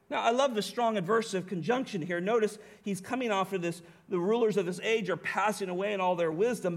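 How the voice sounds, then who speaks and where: A man's voice: high-pitched, a little fast. A man preaching a sermon as pastor, emphatic, with rhetorical questions to the congregation.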